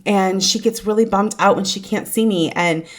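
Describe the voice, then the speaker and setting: A woman in her thirties talks at a middling pitch as a podcast host in relaxed conversation. She tells stories with animation and laughs often. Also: normal speed. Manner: warm storytelling, laughs often. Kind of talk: casual conversational chat.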